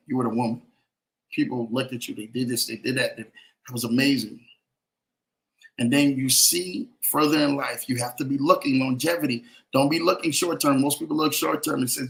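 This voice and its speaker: A man's voice: mid-range voice, a little fast, creaky, a bit bright. A man hosting a motivational podcast, talking emphatically and repeating phrases for effect, with a preachy, keeping-it-real manner. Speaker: podcast host.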